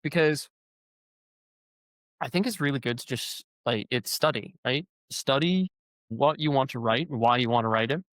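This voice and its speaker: A man's voice: medium pitch, moderate pace, a bit bright, dry recording. A man hosting a casual conversation as an author, thinking aloud in a rambling way full of fillers. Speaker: author and show host. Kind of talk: casual long-form conversation.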